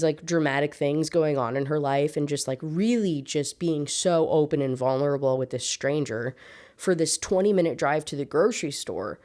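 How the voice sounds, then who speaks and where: A young woman with a Southern US accent talks through a romance novel she clearly dislikes. Her voice sits on the lower side, and her sarcasm and exasperated laughter come through in every complaint. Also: a little mellow. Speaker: book reviewer. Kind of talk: casual book rant with read-aloud excerpts.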